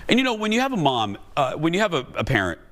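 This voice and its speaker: A man's voice: fairly high pitch, fast talker. A middle-aged man hosting a talk show, telling a comic, self-mocking story to a studio audience. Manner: chatty, self-mocking, animated.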